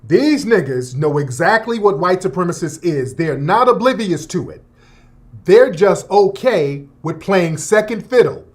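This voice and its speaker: A man's voice: high voice, measured pace. A man hosting a talk radio show, delivering a profane, opinionated monologue with laughter and mocking asides. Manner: profane, animated, laughing, with mocking put-on voices.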